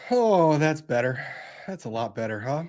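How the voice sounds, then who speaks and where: Giggly, excitable male livestream host. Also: a little high, normal speed. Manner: giggly, excitable, laughs often. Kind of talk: casual livestream chat.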